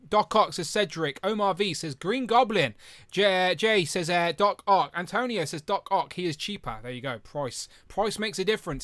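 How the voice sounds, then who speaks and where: A young man hosts a relaxed live stream, hopping from one viewer comment to the next with jokey excitement. His high-ish voice comes through crisp and bright, recorded close and dry on the mic.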